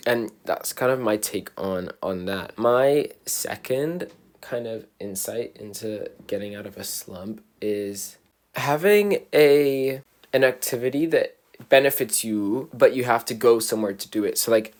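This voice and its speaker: A young student man talking straight to camera in a loose, rambling vlog. He drifts between thoughts, restarts sentences with filler words, and makes light jokes at his own expense. His voice sits at an ordinary pitch for a man. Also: unhurried, darkish tone. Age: young adult, a student. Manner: rambling, self-deprecating, often restarts with "like". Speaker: vlogger. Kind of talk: casual rambling monologue to camera.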